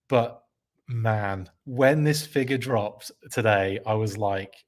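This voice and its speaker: Male podcast host, mid-pitched, enthusiastic live-stream rambler who corrects himself mid-sentence. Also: normal speed. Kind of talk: casual live-stream chat.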